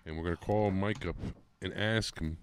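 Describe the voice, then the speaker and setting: A man's voice: low voice, fairly even intonation, moderate pace, a little hiss or hum. A man hosting a podcast, teasing his co-host in brash, profane casual banter.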